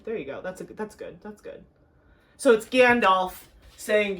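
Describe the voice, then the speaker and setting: A woman's voice: mid-range voice, lively intonation, normal speed. A woman hosting a casual craft unboxing at home, chatty and enthusiastic as she gushes over the details. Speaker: craft video host.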